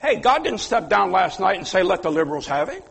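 A man preaching a sermon, fiery and emphatic, with sudden loud outbursts. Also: high-pitched, very animated, a little fast, vocal fry, big-room sound. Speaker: pastor.

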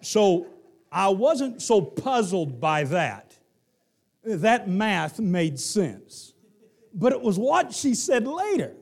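A middle-aged man with a Southern accent preaching a sermon, moving from hushed lines to shouted ones. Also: high-pitched, very animated, slow, creaky. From Southern United States. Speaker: pastor.

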